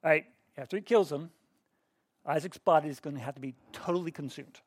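A man's voice: a little high, fairly quick, no room sound, clean studio sound. A middle-aged man teaching a Bible class in a conversational way, asking the students questions and often restarting his sentences.

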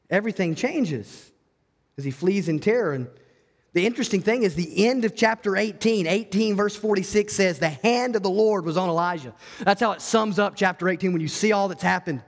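A man preaching a sermon as pastor, telling the story in an animated way and acting out the voices. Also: high-pitched, in a large hall.

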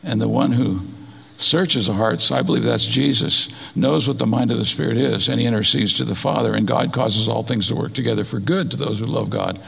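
A middle-aged male pastor preaching a sermon with animated, dramatic retelling of scripture. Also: medium pitch, brisk, creaky, husky. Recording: long reverb of a large hall.

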